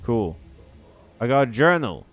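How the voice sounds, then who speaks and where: A man's voice: medium pitch, expressive, unhurried, faint music behind. A man giving casual, profane, joking commentary while playing a game. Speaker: game streamer. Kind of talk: let's play commentary.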